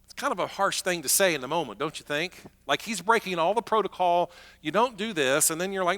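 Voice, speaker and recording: A man's voice: high-pitched, animated, brisk, a bit bright, big-room sound. A man preaching a sermon as pastor, telling the story in a chatty, conversational way with acted-out asides.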